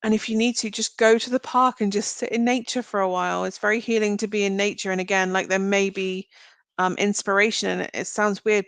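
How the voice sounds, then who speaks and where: A woman's voice: mid-range voice, creaky, no echo. Chatty woman giving live tarot readings. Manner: chatty and meandering, thinking aloud; reassuring, speaks straight to viewers. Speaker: tarot reader. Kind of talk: live-streamed card reading.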